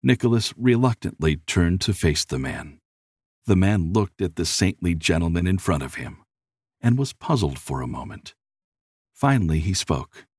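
A man narrating a storybook tale in an expressive, measured reading style. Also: low voice, breathy edge, no echo, clean studio sound.

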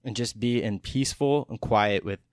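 A man's voice: medium pitch, normal speed, no room sound, clean studio sound. A man in his thirties from Texas hosting a podcast, talking loosely and casually and swearing often. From Texas, USA. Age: 30s. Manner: loose and profane, lots of restarts. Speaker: podcast host. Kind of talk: casual monologue.

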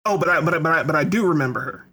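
A player describing character actions in a tabletop game, speaking in a hesitant, halting way. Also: medium pitch, pushed and bright, husky.

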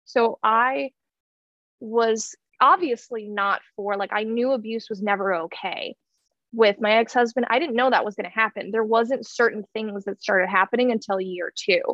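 Woman, thirties, heartfelt personal storytelling, fry in the voice, dry close sound. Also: fairly high pitch, moderate pace, fairly bright tone, dry recording, muffled recording. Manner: heartfelt, earnest, many fillers and restarts. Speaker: guest sharing her story.

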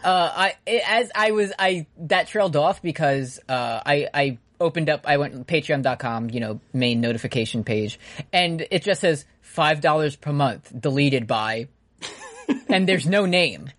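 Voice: medium pitch, lively intonation, a little slow, a bit bright. Rambling, jokey podcast co-host. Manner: rambling, jokey, self-interrupting. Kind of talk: casual chat.

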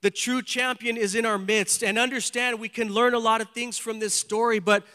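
A man preaching with fervor, his voice pitched unusually high for a man. He hammers his points home by repeating phrases again and again. His words ring out with a long reverb through the church. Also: level tone, normal speed, sharp tone. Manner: fervent, repeats phrases for emphasis. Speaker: pastor. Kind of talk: sermon.

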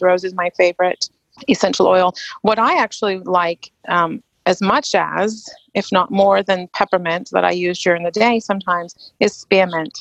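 A woman with an East Anglian English accent answers questions in a relaxed, rambling way, full of ums and restarts. Her voice sits in a middle register. It is recorded close and dry, with no room sound. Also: mid-range voice, creaky, dry recording, lo-fi sound. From England. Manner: chatty, with frequent ums and restarts. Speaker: host. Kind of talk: casual live Q&A chat.

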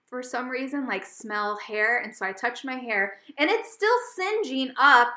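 A woman co-hosting a podcast, telling a story in casual chat, animated and laughing often. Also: high-pitched, a little slow, roomy sound. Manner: animated, laughing often, gets loud when retelling. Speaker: podcast co-host.

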